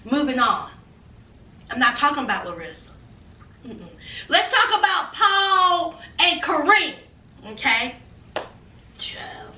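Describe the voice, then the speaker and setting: A woman with a very high, piercing voice dishes on a reality show in a sassy, chatty recap. She slips into different voices to act out what people said. She sounds set back from the mic in an echoey room. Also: sing-song, takes it slowly, long pauses, bright, forceful tone, distant mic, a little hiss or hum. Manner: sassy, chatty, acts out quotes in changing voices. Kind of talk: casual gossip recap.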